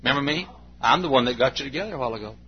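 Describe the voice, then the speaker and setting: A man preaching a sermon voices the Holy Spirit as a gently chiding friend, in his own plain voice. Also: medium pitch, animated, racing, lightly acted. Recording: dull lo-fi recording with faint hum.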